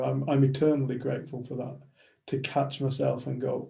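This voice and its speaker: A man's voice: medium pitch, little pitch movement, normal speed, vocal fry, mellow. A man in a casual group chat, reflective and affirming. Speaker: community group member.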